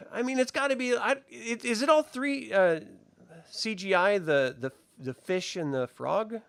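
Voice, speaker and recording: A man's voice: sits high, takes it slowly, vocal fry, a bit bright. A man hosting a casual TV review chat, laughing often and swearing freely. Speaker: show host.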